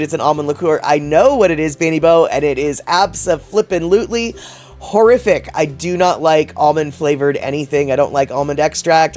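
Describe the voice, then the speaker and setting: Man, livestream host, casual chat, rambling, laughs a lot, slightly high voice, faint background music. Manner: chatty, laughs often, rambling with fillers.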